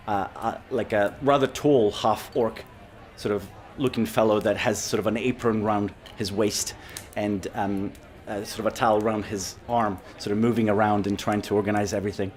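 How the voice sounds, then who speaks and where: A man as game master, narrating a tabletop game in a meandering way with many fillers. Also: on the low side.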